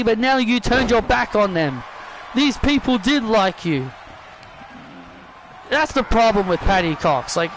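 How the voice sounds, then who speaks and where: A man hosting a gaming channel, calling a wrestling video game match as mock play-by-play, excitable, repeating himself and shouting at the big moves. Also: extremely high pitch, a little hiss or hum.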